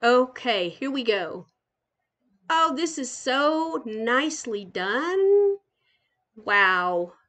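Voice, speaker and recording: An older woman, a grandmother, chatting warmly as she tours a game island live, gushing and giggling. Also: fairly high pitch. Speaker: gaming channel host. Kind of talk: casual live game tour commentary.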